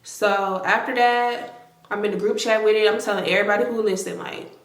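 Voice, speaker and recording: A woman in her twenties telling a story to her viewers, animated and emphatic, with lots of swearing. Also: mid-range voice, moderate pace. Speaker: vlogger. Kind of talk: casual storytime. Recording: roomy echo.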